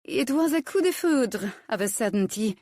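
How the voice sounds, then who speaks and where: A woman's voice: mid-range voice, expressive, unhurried, dry recording, studio quality, close to an everyday voice. A woman voicing a vain, catty French vicomtesse with a precious French accent and a purring, falsely sweet manner. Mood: flustered.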